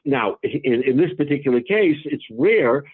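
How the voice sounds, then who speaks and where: A rabbi teaching a Talmud class, explaining patiently in halting speech with many restarts. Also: male voice, medium pitch, lively intonation, slightly rough, phone-quality sound.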